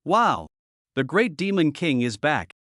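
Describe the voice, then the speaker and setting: A man's voice: fairly high pitch, very animated, measured pace, fairly bright tone, dry recording. Bold playful young woman pestering her housemate, voiced by a man, slightly raised voice, dry close sound.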